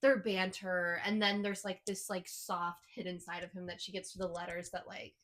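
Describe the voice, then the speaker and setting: A woman's voice: on the low side, level tone, moderate pace, a bit bright. A young woman co-hosting a book podcast, casually and animatedly retelling scenes. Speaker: podcast co-host.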